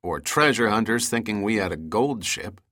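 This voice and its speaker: A man's voice: on the low side, expressive, moderate pace, fairly bright tone. A man voicing a determined, resourceful young man who speaks in a solemn, clipped way, in an audiobook reading.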